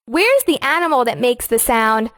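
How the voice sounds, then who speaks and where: A woman voicing a cheerful young farmer who guides children through a game, speaking slowly in a sing-song, encouraging way. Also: fairly high pitch, big pitch swings, a bit bright, no echo, clean studio sound. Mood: sunny, encouraging. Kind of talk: scripted children's game voice-over.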